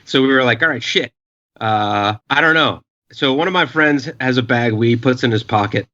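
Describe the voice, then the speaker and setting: A man's voice: medium pitch, moderate pace, bright, forceful tone, highs cut off. A man in his forties telling a long story in casual chat, rambling with lots of filler and acting out what people said. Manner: rambling, profane, many filler uhs, acts out quotes. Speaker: podcast guest.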